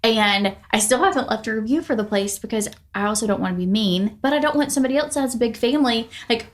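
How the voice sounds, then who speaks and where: A woman's voice: a little high, quick pace. A woman co-hosting a casual podcast, rambling with lots of fillers and restarts. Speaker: podcast co-host. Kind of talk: casual chat.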